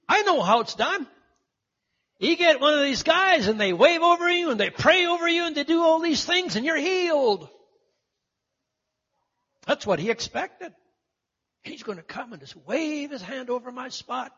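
A lively, high-voiced man preaches a sermon and leans into acting out the story's voices. His voice rises and falls a lot, slightly husky. The sound is muffled, with a long hall echo behind him.

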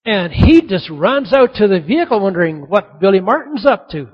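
On a dull, lo-fi recording, a man preaches at normal speed in a sing-song manner. His husky, high voice carries stories and key lines he repeats for emphasis.

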